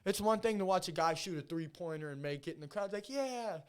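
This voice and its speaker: A man's voice: fairly high pitch, quick pace, clean tone. Profane hyped-up young man. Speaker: podcast host and amateur fighter. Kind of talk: casual chat.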